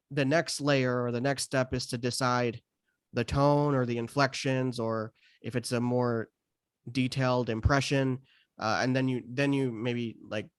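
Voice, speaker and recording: A man's voice: medium pitch, clean tone, dry recording, studio quality. A man in his thirties from the United States, a stand-up comedian talking casually on a podcast with frequent restarts and fillers. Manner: hesitant, many restarts and fillers.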